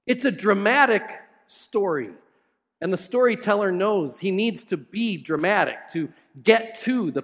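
Animated high-voiced male pastor. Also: long reverb tail. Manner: animated dramatic storytelling with humor. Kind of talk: sermon.

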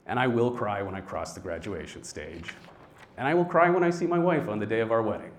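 Young male storyteller, lively delivery that swings from hushed to loud, faint room ambience behind. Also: fairly low pitch, fairly quick, a little hiss or hum. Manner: animated, swings from quiet to loud. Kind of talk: live personal storytelling.

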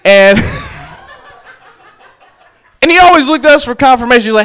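Loud, crude male stand-up comic. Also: very high-pitched, very animated, measured pace, long pauses, clear, resonant tone. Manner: loud, crude storytelling with shouted punchlines. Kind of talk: stand-up set. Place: small comedy venue.

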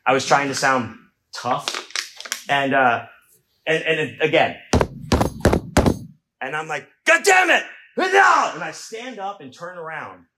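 Speaking slowly with long pauses, a middle-aged Houston man spins a comic tale for an audience, poking fun at himself in a relaxed, conversational manner and shouting out quoted voices. His voice is a little high. The echoey room recording carries a slight hiss or hum.

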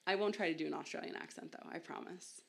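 A woman's voice: fairly low pitch, fast, gravelly. A young woman hosting a science podcast, talking casually with a chatty, self-deprecating manner and frequent laughs. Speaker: podcast host.

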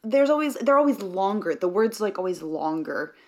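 A woman's voice: mid-range voice, expressive, normal speed. An American woman co-hosts a casual podcast from a bedroom. Her voice sits in the middle range and she rambles with fillers. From United States. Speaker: podcast co-host. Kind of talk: casual chat.

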